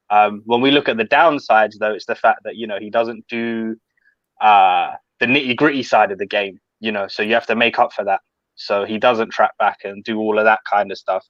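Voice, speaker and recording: Male panelist, even explanatory delivery, recorded on a dull, dry mic. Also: fairly low pitch, no echo. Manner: measured, explanatory. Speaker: podcast panelist. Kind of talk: casual football podcast chat.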